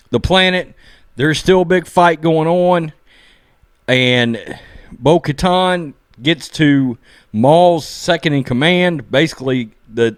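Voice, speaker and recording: A man giving a casual episode review, excitedly recapping scenes and acting out the characters' lines, often saying "okay?" and "look". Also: medium pitch, no echo, clean studio sound. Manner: animated, acts out character lines while recapping. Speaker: show reviewer.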